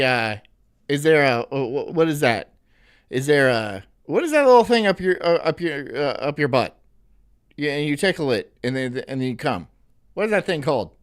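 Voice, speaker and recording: A man hosting a reaction stream, talking in a mocking, loud way and repeating his jokes. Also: a little high. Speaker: streamer host.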